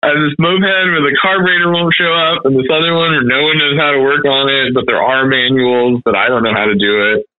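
A man's voice: medium pitch, no echo. Casual male talker, rambling and laid-back, dry tinny phone-like sound. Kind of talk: casual chat.

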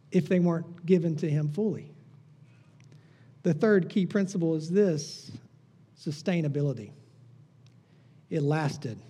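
A male pastor delivers a sermon in a fairly high, mellow voice with a husky edge. He leans on rhetorical questions, pushing some lines up emphatically and letting others sink low and quiet. The tone stays warm rather than bright. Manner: rhetorical questions, rising to emphatic peaks then dropping low.

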